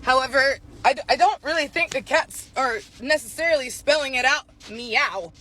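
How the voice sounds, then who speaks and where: A woman's voice: high-pitched, a little fast, sharp tone. A woman doing a comedic rant, exasperated, acting out animal sounds as she goes.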